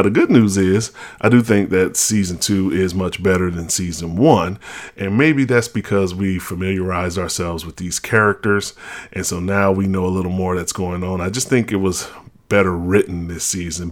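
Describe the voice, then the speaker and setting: A man hosting a podcast, giving a blunt, opinionated and chatty spoken review of a TV show. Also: low-pitched. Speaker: podcast host reviewing TV shows.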